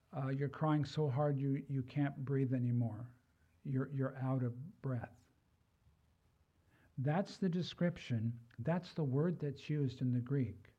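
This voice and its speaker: Slow, mellow older male preacher. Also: on the high side, dull audio. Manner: conversational, personal asides. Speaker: pastor. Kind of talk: sermon.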